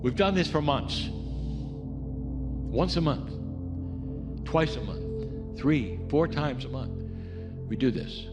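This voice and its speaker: A man talking a group through a slow guided meditation as a spiritual channeler, speaking straight to his listeners. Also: medium pitch, expressive, in a large hall, music in the background.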